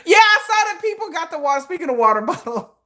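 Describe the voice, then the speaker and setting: A woman's voice: very high voice, big pitch swings, quick pace, bright, forceful tone. A woman hosting a casual fan livestream, rambling and laughing as she talks to her chat, swearing freely. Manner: swears freely, Southern-flavored slang. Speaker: livestream host.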